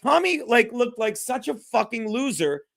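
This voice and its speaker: A man with a very high-pitched voice hosts a casual podcast. He talks in a brash, profane way and acts out other people's lines as he tells his stories. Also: big pitch swings, normal speed, vocal fry, a bit bright. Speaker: podcast host. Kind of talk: casual chat.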